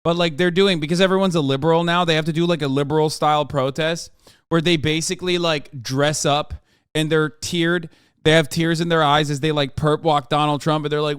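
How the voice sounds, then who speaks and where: Male streamer, higher voice, smooth and dry, swearing and rambling. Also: steady tone, fairly quick, fairly bright tone, no room sound. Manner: profane, sardonic, rambling. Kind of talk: casual commentary.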